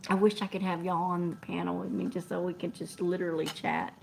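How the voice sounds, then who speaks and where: A woman's voice: lowish voice, flat delivery, a little fast, creaky, darkish tone, a little hiss or hum. A middle-aged woman, chatting scattered and laughing as she reads viewer comments on a livestream. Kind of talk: casual live chat.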